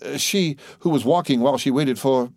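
A man voicing an agitated, fearful male servant who speaks in halting exclamations. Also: medium pitch, vocal fry, darkish tone, no room sound, studio quality, voice pushed up. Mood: alarmed.

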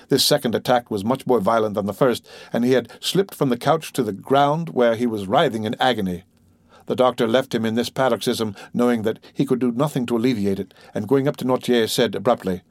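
A man reads a classic novel aloud in a steady, measured narration. His mid-range voice sits dry and close on the mic. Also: medium pitch, dry recording. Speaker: audiobook narrator. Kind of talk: scripted narration.

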